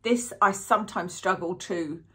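A woman's voice: mid-range voice, a little slow, a bit bright. A woman chatting through a product review in a rambling, self-interrupting way. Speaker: beauty vlogger.

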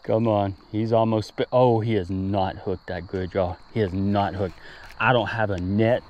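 Excited man fishing outdoors. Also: on the low side, a little slow, highs cut off. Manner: excitable, exclaims often, addresses viewers as y'all. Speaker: fishing vlogger. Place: outdoors by water.

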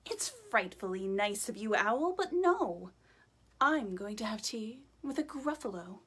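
A woman voicing a small, clever brown mouse who talks with brisk assurance. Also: on the high side, lively intonation, a bit bright, slightly rough, full character voice. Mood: sly.

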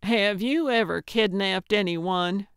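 Woman reading chipper old lady detective, cheeky, unhurried, smooth. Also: medium pitch, dry recording, clean studio sound. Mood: perky. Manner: perky, cheeky. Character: chipper older woman amateur sleuth.

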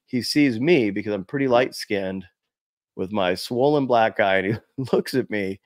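A man in his fifties from the United States, a former Marine, tells stories to the camera in a relaxed, rambling way, filling gaps with "you know". His voice sits low, and the recording is close and dry, with no room sound. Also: unhurried, no echo. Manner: animated anecdotes, fillers like "you know". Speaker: former Marine sniper telling war stories. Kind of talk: casual storytelling to camera. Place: small room before a green screen.

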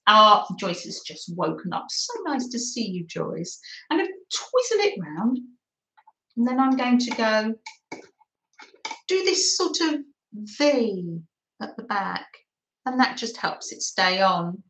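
An English woman with a high, sing-song voice that rises and falls a great deal, talking slowly and warmly. She greets her live viewers by name and giggles often. The room has a noticeable echo. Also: big pitch swings. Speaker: craft livestream host. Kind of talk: chatty live craft stream, greeting viewers. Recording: roomy echo.

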